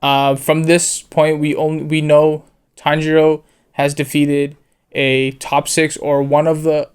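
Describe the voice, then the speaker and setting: Smooth-voiced young man chatting casually. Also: fairly high pitch, level tone, slow pace. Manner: laid-back, lots of fillers, acts out quotes. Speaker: co-host of an anime review show. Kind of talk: casual chat.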